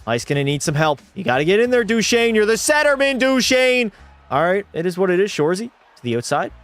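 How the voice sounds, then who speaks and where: A young man streaming a hockey video game live, commentating excitedly, swearing and chatting with viewers. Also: high-pitched, brisk, no echo.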